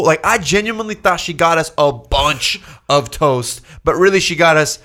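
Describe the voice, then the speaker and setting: A young man telling a story in casual chat, excitable, swearing often and laughing as he talks. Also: a little high, moderate pace, hardly any pauses.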